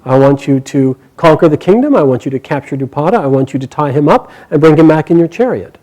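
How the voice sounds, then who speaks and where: A man puts on a vengeful old teacher demanding his due, quiet and insistent. The voice sits fairly high for a man. It carries the feel of a spoken storytelling. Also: lively intonation, fast, rough recording.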